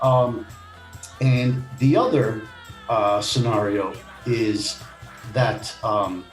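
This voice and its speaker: A man's voice: fairly low pitch, drawn-out words, soft background music. A man co-hosting a casual podcast, talking in a playful, teasing way with lots of fillers. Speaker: podcast co-host.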